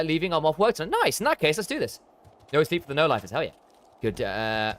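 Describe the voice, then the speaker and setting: A man's voice: on the high side, very animated, brisk, a bit bright, slight background noise. Chatty man streaming a game. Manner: chatty, self-deprecating, stumbling. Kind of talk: casual gameplay chat.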